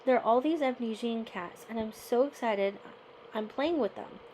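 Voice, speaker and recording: A woman with a somewhat high voice reads a chapter of a memoir aloud and then shares her thoughts. She speaks conversationally and often ends her points with "right?". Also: moderate pace, darkish tone, a little hiss or hum, rough recording. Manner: conversational, tags remarks with "right?". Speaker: host.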